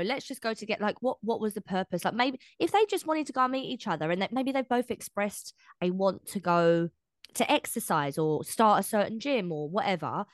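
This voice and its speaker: A woman co-hosting a podcast in casual chat, animated, swearing freely and acting out what people say. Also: mid-range voice, no room sound. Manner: animated, swears, acts out quoted speech. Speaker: podcast co-host.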